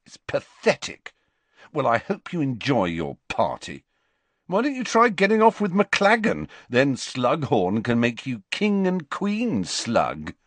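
Storybook: a male narrator playing a sarcastic teen boy, lively pitch, sneering, dry close sound. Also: moderate pace, few pauses, dry recording, natural voice. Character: sulky teenage schoolboy, sarcastic.

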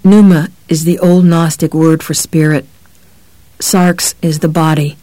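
A man voicing a frightened, injured writer who trembles, pleads and yells high in panic. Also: flat delivery, a little slow, dry recording, natural voice. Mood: trembling. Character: frightened male writer, Johnny, in pain.

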